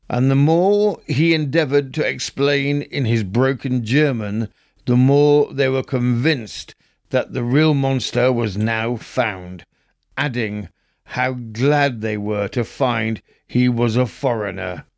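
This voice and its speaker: A man reads old newspaper stories aloud as a podcast host, taking his time over every phrase. His delivery is measured and wry, in a middle pitch. The sound is dry and close, with no room around it. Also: no room sound.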